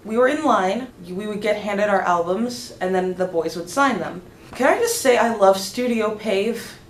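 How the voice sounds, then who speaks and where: A young woman vlogger excitedly telling a story, gushing and tripping over her words as she goes. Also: medium pitch, normal speed, a little hiss or hum. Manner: gushing, restarts often, lively. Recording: roomy echo, faint background ambience.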